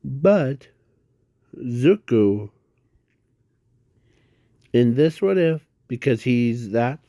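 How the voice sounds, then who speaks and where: Very slow, halting man rambling a story. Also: mid-range voice, expressive, mellow, dry recording, studio quality. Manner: halting, rambling, with constant restarts and self-corrections. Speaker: fan storyteller. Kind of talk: casual improvised fan story.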